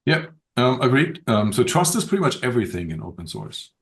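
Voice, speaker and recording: A man speaking as a podcast guest in an unscripted conversation, thoughtful and measured, with frequent pauses and restarts. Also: mid-range voice, big pitch swings. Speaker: podcast guest, open-source community director.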